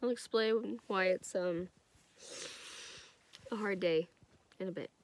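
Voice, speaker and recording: Slow, chatty woman reacting. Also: mid-range voice, no echo. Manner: chatty, rambling, self-interrupting. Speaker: reaction video creator. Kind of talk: casual reaction commentary.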